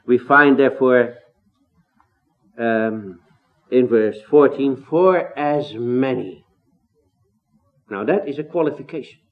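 A man preaching an expository sermon, earnest and emphatic, with rhetorical questions and rising exclamations. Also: medium pitch. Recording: tinny phone-like sound.

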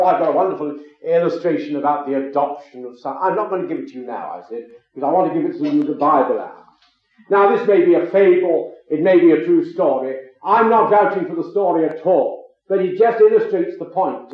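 A man with a high voice preaches a sermon, moving from storytelling into emphatic, rising declarations. The recording is muffled and lo-fi, in a very echoey room. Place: a room with an audience.

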